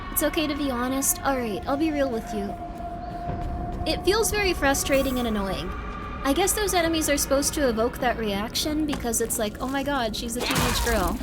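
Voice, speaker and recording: A woman streaming a horror game live, chatting in a rambling way, full of "like", venting about the combat and then softening. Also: a little high. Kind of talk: live gameplay commentary. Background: game music.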